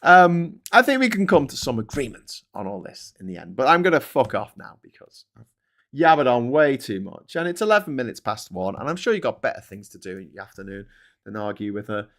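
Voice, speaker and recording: A man with a Scouse accent hosting a political livestream, talking in an excitable, sweary, rambling way. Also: medium pitch, a little fast. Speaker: livestream host. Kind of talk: casual political livestream chat.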